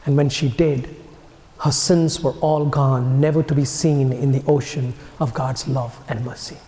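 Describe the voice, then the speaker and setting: Priest telling a story in an echoing church. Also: male voice, medium pitch, fairly even intonation. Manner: slow, earnest storytelling with soft, dropping phrase ends. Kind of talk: homily. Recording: echoey church with long reverb.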